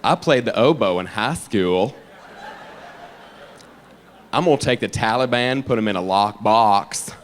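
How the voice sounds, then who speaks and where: A man doing an impression of a stiff, dull male politician, speaking slowly and flatly. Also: on the low side, pitched below the performer's own voice, natural voice. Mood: deadpan. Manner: slow, flat, self-serious.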